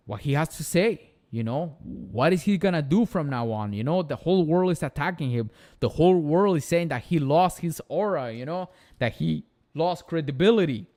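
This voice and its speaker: A man's voice: on the high side, a little mellow. A young man with a Spanish accent hosts a casual live stream. He talks in an earnest, motivational way and stacks repeated phrases for emphasis. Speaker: channel host.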